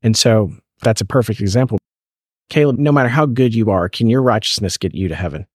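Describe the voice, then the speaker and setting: A man's voice: on the low side, brisk, slightly rough, dry recording, studio quality. A man hosting a faith podcast, asking earnest questions and quoting scripture in casual conversation. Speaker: podcast host, parent.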